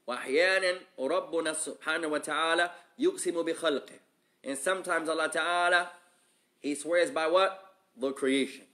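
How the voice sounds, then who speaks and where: Male Islamic teacher, fast talker, higher-pitched voice, reads Arabic and translates it, asks rhetorical questions. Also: pushed and bright. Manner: reads Arabic quickly, explains in English more slowly. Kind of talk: religious lesson, reading Arabic then translating to English.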